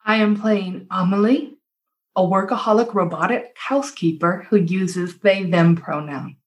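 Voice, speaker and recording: A woman's voice: medium pitch, a little slow. A woman playing in a tabletop game podcast, talking casually in an earnest, reflective way. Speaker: player. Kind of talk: casual chat.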